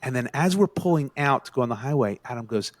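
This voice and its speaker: A man's voice: quick pace, no room sound. A man co-hosting a podcast, telling a story to friends in casual chat and acting out the quotes. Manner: animated, acts out quotes with rising pitch. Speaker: podcast co-host.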